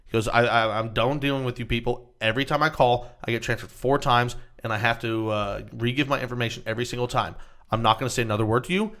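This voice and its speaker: Man, podcast co-host, casual chat, quick pace, profane, acts out calls. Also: medium pitch, a bit bright.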